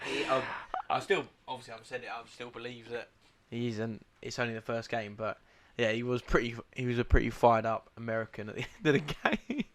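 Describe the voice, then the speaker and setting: A man's voice: medium pitch, steady tone, brisk, few pauses, fairly bright tone. A young man co-hosting a casual football podcast, chatty and rambling, with frequent restarts. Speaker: podcast co-host.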